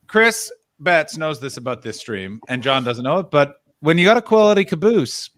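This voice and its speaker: A man's voice: on the high side, very animated, normal speed, fairly bright tone, dry recording. A man hosting a live stream, chatting casually and reading out follower alerts. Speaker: stream host. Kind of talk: casual chat.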